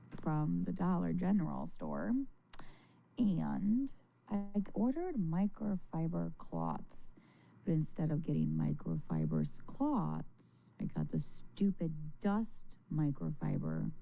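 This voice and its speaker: Tired woman streaming from home, lowish dark voice, laughs and swears, rambles all over. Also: very animated, slow, gravelly. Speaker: livestreamer chatting with viewers. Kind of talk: casual live-stream chat. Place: her home.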